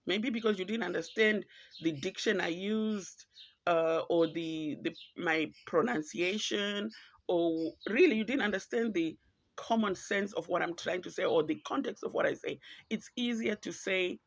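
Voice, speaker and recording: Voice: mid-range voice, moderate pace, creaky, no echo. A podcast host from Zimbabwe, with a Zimbabwean accent, giving earnest, reflective and pointed solo commentary. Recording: dull lo-fi, dry.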